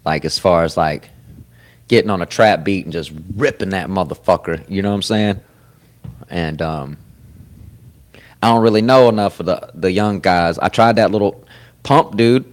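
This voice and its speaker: A man hosting a podcast in casual chat, rambling and profane, getting louder at times and laughing. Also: low voice, normal speed, pauses often. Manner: profane, rambling, swings loud with sudden laughs. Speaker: podcast host. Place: comedy club.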